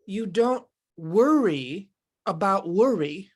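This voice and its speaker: A woman's voice: medium pitch, animated, slow. A woman in casual podcast conversation, talking in a meandering, reflective way and acting out inner voices.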